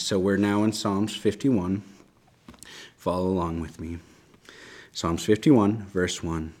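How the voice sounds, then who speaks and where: Deep-voiced man teaching scripture casually. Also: fairly even intonation, takes it slowly, long pauses, darkish tone. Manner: conversational, often adds "right?". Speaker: Bible study teacher.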